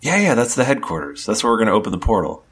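A man's voice: lowish voice, sing-song, very fast, fairly bright tone, breathy edge, voice pushed up, exaggerated voice. A man voicing a nervous captured male cultist who stammers. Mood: eager. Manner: stammering, jittery.

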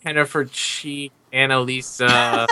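A man co-hosting a podcast, giving friendly shout-outs to listeners. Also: mid-range voice, fairly even intonation, noisy background. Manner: friendly, reading out names slowly. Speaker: podcast co-host. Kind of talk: casual podcast banter.

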